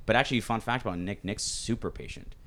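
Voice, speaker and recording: A man co-hosting a podcast in casual chat, telling rambling, animated stories with lots of fillers. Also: on the low side, quick pace, a little hiss or hum. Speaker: podcast co-host.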